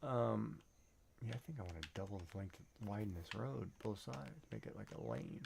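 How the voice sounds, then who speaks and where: A man's voice: lowish voice, lively intonation, moderate pace, creaky, noisy background. A man streaming a game, chatting casually and rambling, often checking in with "right?". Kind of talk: casual chat while gaming.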